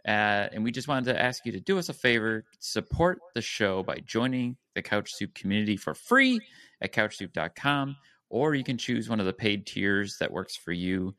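A man's voice: lowish voice, very animated, normal speed, sharp tone, dry recording. A man hosting a casual gaming podcast, steering the talk and reading out housekeeping notes. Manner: runs the show, reads housekeeping plugs. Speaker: podcast host.

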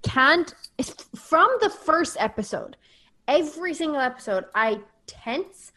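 A woman's voice: sits high, animated, measured pace, bright, forceful tone, poor audio. A woman hosting a podcast in casual chat, chatty and giggly with lots of fillers. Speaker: podcast host.

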